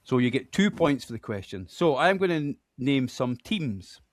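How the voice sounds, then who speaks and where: A man's voice: mid-range voice, sing-song. A man from Scotland with a Scottish accent, hosting a podcast quiz in a chatty, self-deprecating way. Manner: chatty, self-deprecating, reads names out slowly. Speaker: quiz host.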